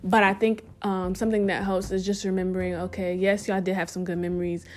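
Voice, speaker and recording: A woman's voice: medium pitch, little pitch movement, a little fast. A young woman hosting her own podcast, talking casually and reflectively, interrupting herself with playful asides and repeating her advice for emphasis. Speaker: podcast host.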